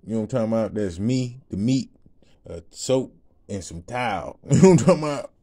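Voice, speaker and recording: A ministry speaker shares a personal testimony with a crowd, talking casually in a mellow, relaxed voice that's fairly low and brisk. He laughs often, rambles in slang, and keeps asking "you know what I'm saying."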